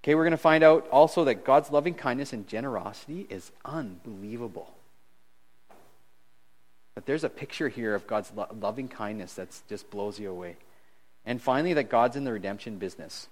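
A middle-aged man preaching a conversational sermon as pastor, animated and swinging between loud and hushed, chuckling at his own jokes. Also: medium pitch, a little fast.

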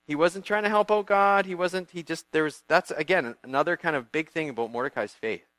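Guy telling a bible story to a youth group, lively and animated, quizzes the crowd, dry sound. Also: a little high, a little fast, no echo. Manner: lively, acts out characters, quizzes the audience.

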